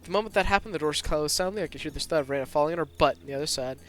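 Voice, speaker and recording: A man narrating a story at a rapid clip, his voice slightly high. He reads tense first-person scenes as a streamer, breaking off now and then for asides. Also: fairly bright tone, soft background music. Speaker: streamer reading a visual novel aloud.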